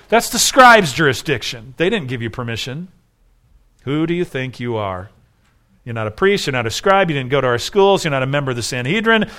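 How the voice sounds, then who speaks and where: A man's voice: mid-range voice, sing-song, brisk, bright, forceful tone. A man preaching a sermon, asking rhetorical questions and building to emphatic peaks. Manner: voices the accusers with sharper, raised delivery. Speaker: pastor.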